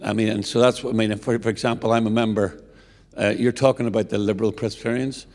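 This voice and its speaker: Man in his 70s, earnest and rambling, lower voice, long hall echo. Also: steady tone, fast, darkish tone. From Northern Ireland. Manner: earnest, rambling, frequent restarts. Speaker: audience member. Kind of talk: public Q&A remarks. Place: large lecture hall. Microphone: handheld audience microphone. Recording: long reverb of a lecture hall.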